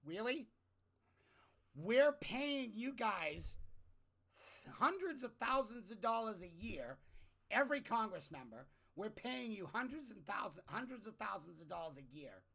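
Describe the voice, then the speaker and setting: A young man with a high, bright, gravelly voice, delivering an exasperated political rant. He swings from shouted outbursts to low sarcastic mutters. The feel is an opinionated vlog commentary. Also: very animated, moderate pace. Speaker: commentary vlogger.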